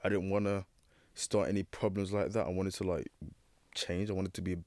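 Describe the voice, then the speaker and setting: A young man, telling a personal story hesitantly in casual chat, full of fillers and pauses. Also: low-pitched, flat delivery, darkish tone, dry recording. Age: teens. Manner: hesitant, filler-heavy, searching for words. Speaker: young guest.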